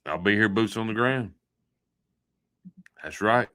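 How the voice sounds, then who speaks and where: Rambling folksy man with a bright voice. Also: lowish voice, measured pace. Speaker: livestream host. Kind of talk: casual livestream sign-off chat.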